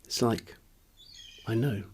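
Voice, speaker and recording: A man's voice: slow pace, a little mellow, a little hiss or hum. A man, a musician, speaking in a candid interview, hesitant and searching for words, openly earnest and emotional.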